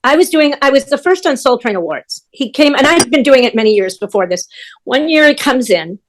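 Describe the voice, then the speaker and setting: A woman's voice: sits high, fairly quick. An older woman, a guest who works as a stage manager, telling backstage stories in casual chat and acting out what other people said. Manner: animated, acts out other people's lines. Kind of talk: anecdotal storytelling in casual chat.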